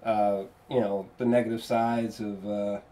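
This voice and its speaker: Rambling excitable man reviewing a film. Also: fairly low pitch, unhurried. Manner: rambling and excitable, lots of fillers and restarts, swears freely. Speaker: movie reviewer. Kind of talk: casual spoken film review.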